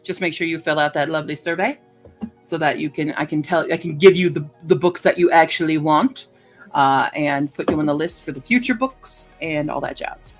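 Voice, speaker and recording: A woman's voice: deep voice, normal speed, soft background music. Chatty woman streamer, rambling. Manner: chatty and rambling, with many fillers. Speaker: livestreamer greeting chat. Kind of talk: casual live-stream chat.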